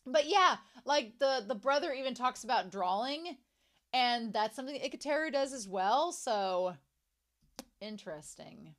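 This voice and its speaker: A woman's voice: fairly high pitch, expressive, a little slow, a bit bright. A young adult woman recapping an anime episode in casual, chatty talk, full of "like" fillers and gushing reactions.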